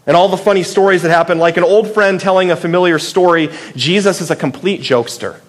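Man, pastor, high-pitched voice, sermon, playful, conversational, rhetorical questions. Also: fast.

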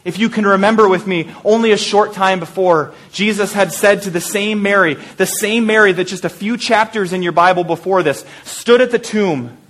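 A male pastor with a rather high voice delivers an Easter sermon as a vivid story. He draws listeners into the scene, sometimes sinks to a hushed, intimate tone, and slips in lighthearted asides. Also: moderate pace, hardly any pauses.

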